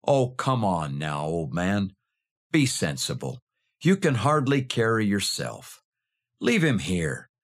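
A blunt, gruff frontier mountain man, as a male storyteller puts him on digs his voice down low and talks slowly. He presses his point without softening it. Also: huge pitch swings, exaggerated voice. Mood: insistent.

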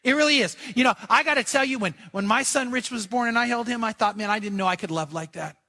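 A man's voice: very high voice, fast, sharp tone. An older man preaching a sermon to a congregation in a church, fervent and emphatic, repeating key phrases. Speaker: pastor. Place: church sanctuary before a congregation.

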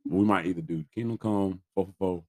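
Male co-host, deep register, stuffy congested voice, easygoing slangy album-review chatter. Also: brisk, warm tone. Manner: laid-back slang, trailing off. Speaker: podcast co-host. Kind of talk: casual album review chat.

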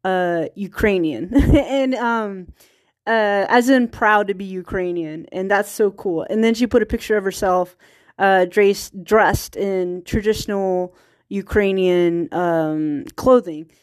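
A woman's voice: medium pitch, slow pace, dry recording, clean studio sound. A woman from small-town Virginia with a rural Virginia accent, hosting a casual solo podcast and rambling through her thoughts with frequent restarts and laughs. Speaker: podcast host.

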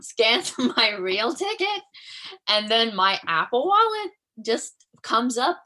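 A woman in her twenties, co-hosting a podcast, telling a story in casual chat and acting out the quotes in high voices. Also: very animated, takes it slowly, pushed and bright, low-quality recording. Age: 20s. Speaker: podcast co-host.

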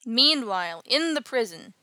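A woman's voice: fairly high pitch, big pitch swings, normal speed, sharp tone, no room sound. A woman host casually recapping an old comic with wry, sarcastic asides. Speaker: podcast host.

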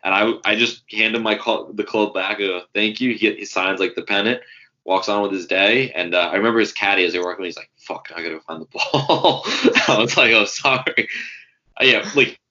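A man's voice: lowish voice, a little fast, pushed and bright. A man, co-hosting a casual sports podcast and telling rambling stories with fillers and swearing. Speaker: podcast co-host. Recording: dull lo-fi sound.

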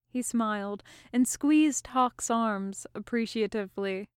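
A woman reading a fan story aloud as scripted narration, with calm, measured storytelling. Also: mid-range voice, clean tone, no echo, clean studio sound. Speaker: audiobook reader.

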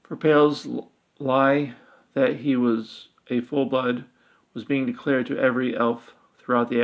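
A man narrating a fantasy story aloud in a steady, even manner. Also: mid-range voice, vocal fry, highs cut off.

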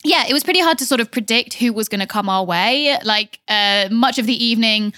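A young woman reporting on a film podcast, chatting in a rambling, animated way with plenty of asides. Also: fairly high pitch, brisk, dry recording, clean studio sound. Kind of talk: casual podcast chat.

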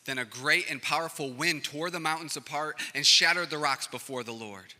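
A male pastor preaching a sermon, swinging from loud, rising passages to hushed near-whispers. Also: fairly high pitch, fairly quick, hardly any pauses. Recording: reverberant hall with music behind.

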